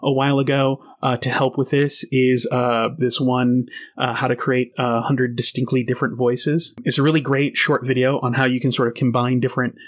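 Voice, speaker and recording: A man's voice: medium pitch, flat delivery, moderate pace, few pauses. Guy chatting on a podcast, rambly, lots of ums and restarts. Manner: rambling, many fillers and restarts. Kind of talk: casual podcast discussion.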